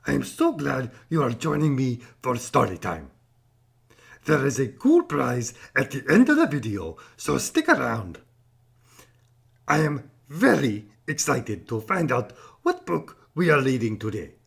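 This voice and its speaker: A performer voicing Max, an eager story-time mascot who greets children with a husky, gravelly voice. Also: medium pitch, sing-song, measured pace, full character voice. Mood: excited. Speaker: channel mascot host.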